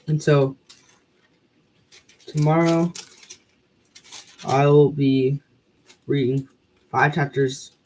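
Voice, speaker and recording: A man's voice: mid-range voice, a little mellow, slight background noise, rough recording. A man who is losing his voice reads scripture aloud, then sums it up in a rambling way full of fillers. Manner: rambling, filler-heavy summary. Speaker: Bible reading channel host. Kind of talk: scripture reading and casual recap.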